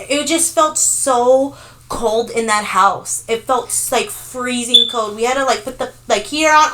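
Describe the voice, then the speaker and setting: A young woman in her twenties, speaking a touch higher than most women. She tells her story loosely and animatedly, peppering it with fillers and the odd curse, like chatting with friends on a podcast. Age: 20s. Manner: animated, filler-heavy, swears freely. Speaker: podcast co-host. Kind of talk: casual storytelling.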